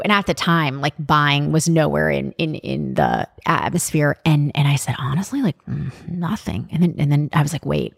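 A woman's voice: low-pitched, expressive, moderate pace, creaky, hardly any pauses, no echo, studio quality. Candid, profane woman podcast host. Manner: candid, profane, chatty with many fillers. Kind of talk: casual podcast monologue.

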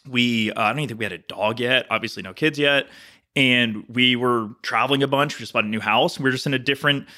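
A man co-hosting a podcast, talking casually in a reflective, measured way with many fillers. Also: mid-range voice, bright, forceful tone. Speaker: podcast co-host. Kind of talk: casual chat.

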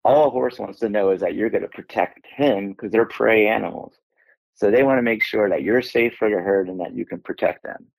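A middle-aged man, an Air Force veteran, telling a personal story as a guest in a casual interview, animated and acting out his own lines. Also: fairly low pitch, fairly quick, vocal fry, breathy edge, no echo, rough recording. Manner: animated, acts out his own lines, laughs through emotion.

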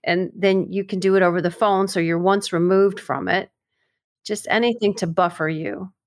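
A woman talking in a casual advice chat, with a voice sitting in the middle of the usual female range. She is lively and animated, and her pitch lifts sharply whenever she acts out someone else's words. She sounds like a coach sharing practical tips with her co-hosts. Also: normal speed. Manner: animated, acts out quoted speech in a higher voice.

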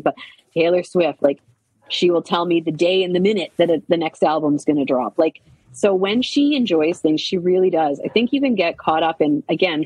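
Husky-voiced chatty woman guest. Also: fairly low pitch, dry recording, rough recording. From Canada. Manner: chatty, animated storytelling with many asides. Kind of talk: casual chat.

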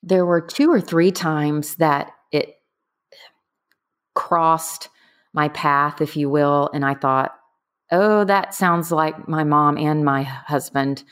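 A middle-aged woman candidly recounting her own experience in a conversation, earnest and a bit halting. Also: deep voice, a bit bright. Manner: candid, earnest, trailing off with fillers. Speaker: guest. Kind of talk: personal storytelling in conversation.

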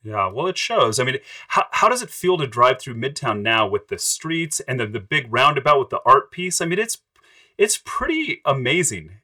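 A man interviewing his guest in casual chat, enthusiastic, loud and jokey. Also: medium pitch, big pitch swings, moderate pace.

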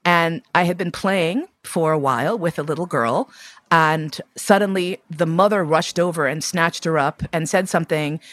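A woman's voice: deep voice, a bit bright, no room sound. A woman in her fifties from New York City, telling personal stories candidly and expressively, swearing casually. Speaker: guest.

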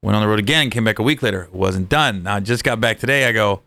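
A middle-aged man telling lively, profane stories in a casual podcast chat, jumping his pitch up for quoted voices. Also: quick pace, vocal fry. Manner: animated storyteller, swearing, jumps high for quoted voices. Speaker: podcast co-host.

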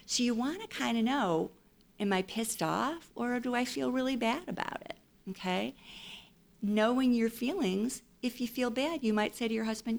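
A woman's voice: a little high, moderate pace, gravelly. A woman counselor giving advice in a casual interview, explaining her points with playful acted-out quotes.

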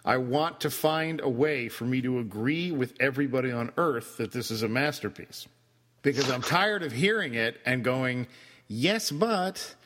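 Laughing podcast guy, teasing, bright sharp voice, some room echo. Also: medium pitch, normal speed. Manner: animated, laughs often, teasing. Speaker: podcast co-host. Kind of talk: casual film discussion.

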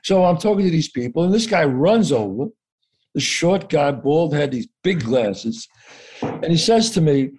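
A man tells a story from his own life in loose, lively conversation, his voice sitting a little high. He acts out the people he quotes and swears without a second thought. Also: a little slow, slightly rough. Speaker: guest actor. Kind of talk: casual storytelling.

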